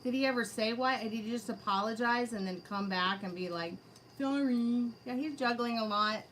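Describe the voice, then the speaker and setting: A woman's voice: fairly high pitch, normal speed, a bit bright, a little hiss or hum, poor audio. A woman giving a live-streamed tarot reading, chatting casually and addressing spirits and her chat directly. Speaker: tarot reader. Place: her home.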